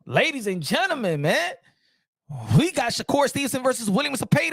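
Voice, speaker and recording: A man hosting a solo boxing talk show, loud and playful, repeating his lines in mock outrage and tossing in Spanish phrases. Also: very high voice, sing-song, fairly quick, creaky, no room sound.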